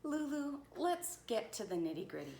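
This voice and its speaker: A woman voicing a brisk, no-nonsense school nurse in a storybook, firm and emphatic. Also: on the high side, big pitch swings, gravelly, mellow, slight background noise, pitched above the performer's own voice. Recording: roomy echo.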